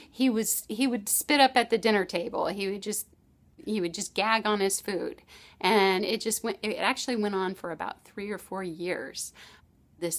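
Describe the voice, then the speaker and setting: A middle-aged woman sharing parenting advice in a loose, chatty storytelling way. She circles back, restarts her sentences, and laughs now and then. Her pitch sits in the middle range. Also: fairly bright tone. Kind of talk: casual advice talk to camera.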